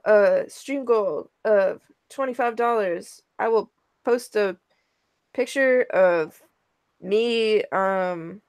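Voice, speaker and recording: A woman's voice: medium pitch, very slow, clean tone. A young woman co-hosting a streamed talk show in casual, crude chat, giggling often and trailing off with fillers.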